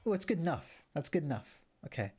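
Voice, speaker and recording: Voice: mid-range voice, sing-song, a little fast, a little mellow. A streamer chatting playfully while playing through a dating game. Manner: bubbly, chatty, playful asides. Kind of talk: casual gameplay commentary. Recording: faint background music.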